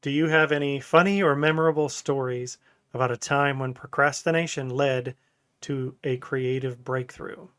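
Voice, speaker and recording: A man's voice: mid-range voice, fairly even intonation, normal speed, a bit bright. A man in his thirties, co-hosting a casual podcast chat, who tells rambling stories and laughs often. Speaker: podcast co-host.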